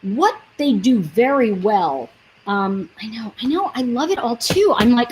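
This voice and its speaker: A woman's voice: on the high side, animated, normal speed, noisy background. A woman chatting casually on a livestream as she sells nail polish, rambling and reading out viewer comments.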